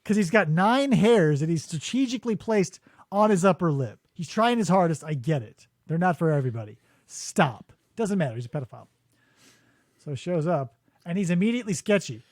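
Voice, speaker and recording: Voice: medium pitch, expressive, a little fast, a little mellow, no room sound. A podcast host riffing sarcastically in casual comedic chat, breaking into impressions, on a studio microphone.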